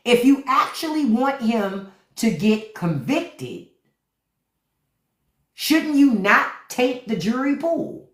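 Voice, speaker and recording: A woman's voice: on the high side, sing-song, slow pace, long pauses, echoey room. A woman hosting a livestream, giving blunt, profane commentary straight to her viewers and repeating key words for emphasis. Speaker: podcast host on a livestream.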